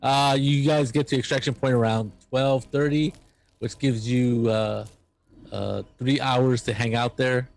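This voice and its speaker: Running a tabletop RPG, this game master speaks with a gravelly, mid-range voice and a steady tone. He stumbles along, restarting often and filling gaps with fillers.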